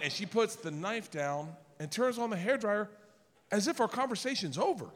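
Animated stand-up comedian in a big hall. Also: male voice, high-pitched, moderate pace, slight background noise. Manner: animated, shifts into character voices for quotes. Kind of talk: stand-up storytelling. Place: large theater stage before a live audience. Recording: live concert hall with long reverb.

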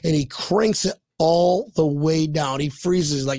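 A man co-hosts a casual sports podcast, his slightly high voice gravelly and rough. He tells rowdy jokes and swears freely. The recording is dry and close, with no room sound. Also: slow pace, darkish tone, no room sound. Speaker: podcast co-host.

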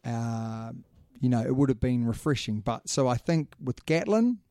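A man co-hosting a casual sports podcast, talking fast and laughing often. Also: mid-range voice, expressive, mellow, no room sound, clean studio sound. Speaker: podcast co-host.

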